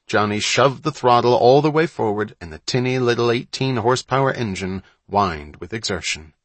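A man narrating a story aloud in a steady, measured storytelling manner. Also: medium pitch, no echo. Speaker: audiobook narrator. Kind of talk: scripted narration.

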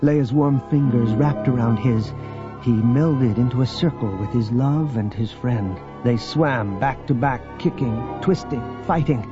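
A man reads an audiobook in a steady, expressive storytelling voice. The audio is dull and lo-fi. Music plays underneath the narration. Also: mid-range voice, measured pace. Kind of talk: scripted narration.

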